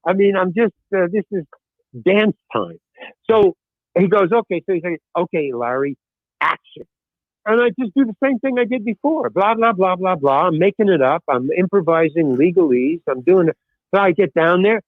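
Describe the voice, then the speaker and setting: A man, an actor and guest, telling an anecdote in a lively way, acting out the other people in his story and swearing casually. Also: sits high, moderate pace, no room sound. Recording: tinny phone-like line.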